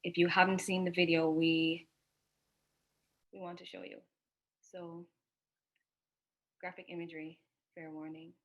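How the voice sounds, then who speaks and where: A woman hosting a live online townhall, her voice lower than most women's. She talks earnestly, leaning on small fillers as she introduces the next speakers. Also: level tone, measured pace, pauses often, highs cut off. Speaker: townhall host.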